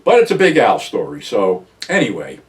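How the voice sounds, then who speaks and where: A man's voice: lowish voice, wildly swooping pitch, moderate pace, far from the mic. An older man, telling a profane, rambling story from his own past as a channel host. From New Jersey, USA. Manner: rambling, blunt, heavy swearing, rising loud when quoting himself.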